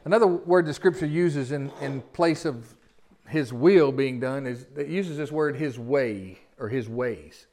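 A man's voice: mid-range voice, unhurried, darkish tone. A man, a pastor giving a sermon in a folksy style with rhetorical questions.

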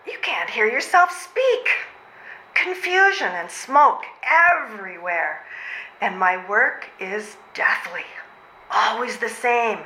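A woman's voice: fairly high pitch, bright, forceful tone, full character voice. A woman plays a worn-out, frantic mother and civil servant in a live stage comedy reading, overwrought, sighing and out of breath. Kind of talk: readers' theatre stage comedy. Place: old train station before a live audience. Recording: roomy hall sound.

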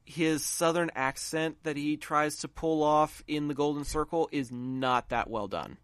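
A man's voice: fairly high pitch, a little slow, fairly bright tone, clear, resonant tone, no echo. A man from the American South co-hosting a podcast, chatting casually and enthusiastically about movies, often restarting his phrases. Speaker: podcast co-host.

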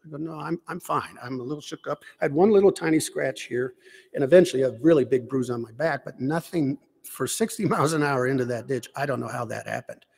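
Gravelly man giving rambling faith testimony. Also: medium pitch, a little mellow, in a large hall. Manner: halting, restarts and trailing asides. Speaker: lay speaker giving personal witness.

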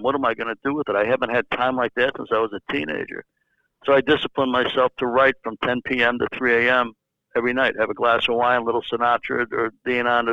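An older man who once worked as a baseball general manager is an interview guest, casually telling long anecdotes in a rambling way, repeating words, restarting, and leaning on many fillers. His medium-pitched voice is creaky, with no room sound, and the recording has a slightly dull lo-fi quality.

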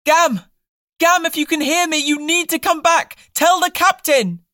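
A male narrator voicing a desperate young man who yells and pleads across the water. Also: very high voice, measured pace, dry recording, studio quality, pitched above the performer's own voice, exaggerated voice. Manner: yelling, pleading.

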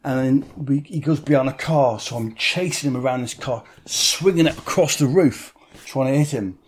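A man's voice: medium pitch, normal speed, husky. A man telling a vivid personal story in an interview, blunt and swearing freely.

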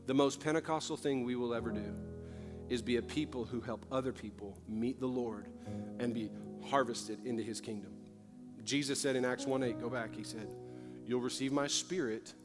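Guy pastor preaching hard, repeats himself for punch, echoey big hall, quiet guitar behind. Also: mid-range voice. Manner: preaching with rising fervor and emphatic repetition. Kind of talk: sermon. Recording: long hall reverb with faint music.

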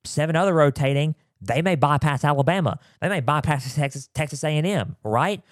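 Male sports podcast host, mid-pitch, dry close sound, rambly delivery full of fillers, scratchy throat. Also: a little fast, dry recording. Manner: rambling, repeats himself with many fillers. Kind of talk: casual sports talk. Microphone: close mic, sometimes turning away.

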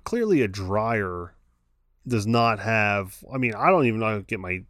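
A man's voice: on the low side, very animated, moderate pace, a bit bright, no echo, clean studio sound. A man co-hosting a podcast, telling a story in casual chat and laughing often. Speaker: podcast co-host.

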